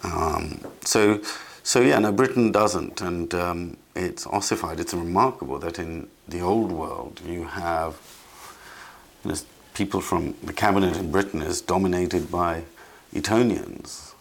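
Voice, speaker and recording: Low-pitched with vocal fry, a man speaks as an interview guest in a conversational commentary style. His delivery is halting, with frequent restarts and repeated words.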